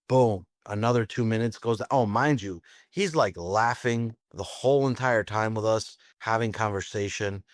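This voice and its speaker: Male pizzeria owner, chatty and animated, acts out quotes. Lowish voice, dry close recording. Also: dry recording. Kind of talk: casual storytelling.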